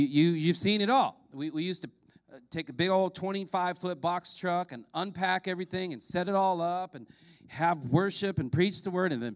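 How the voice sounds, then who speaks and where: Joking pastor with a higher voice. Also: male voice, clear, resonant tone. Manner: casual, joking, self-laughing. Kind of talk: sermon storytelling. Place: church sanctuary in a former movie theater.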